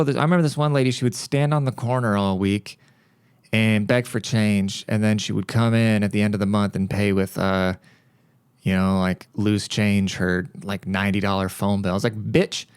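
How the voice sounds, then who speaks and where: A man's voice: fairly low pitch, clean tone, no room sound. A man hosting a podcast, telling stories in a blunt, profane, casual rant. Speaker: podcast host.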